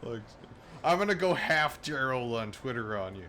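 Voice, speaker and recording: A man with a mid-range voice streams live at a moderate pace, delivering profane, animated ranting commentary. He swears often, laughs mid-sentence and keeps restarting and repeating words, with slight background noise.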